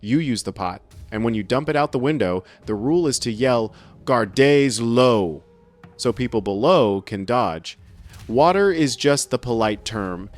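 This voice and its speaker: A man's voice: mid-range voice, lively intonation, moderate pace, faint music behind. A man giving scripted first-person narration with a wry, sardonic humor.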